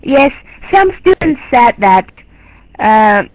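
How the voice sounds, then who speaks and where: A woman's voice: on the high side, very animated, takes it slowly, no room sound. A woman teaching a class, lecturing emphatically and repeating her key points. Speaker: English teacher. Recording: tinny lo-fi, phone-like recording.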